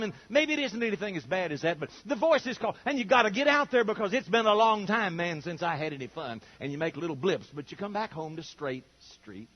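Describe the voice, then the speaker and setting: A man's voice: sits high, lively intonation, a little fast, few pauses, lo-fi sound. An older man preaching a sermon in a folksy storytelling way, acting out the voices of the people he quotes.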